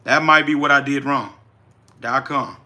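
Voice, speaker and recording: A man from South Louisiana with a Southern accent, hosting a casual livestream and answering chat with energetic, repetitive, preacher-like emphasis. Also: medium pitch, unhurried. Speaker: livestream host, business coach.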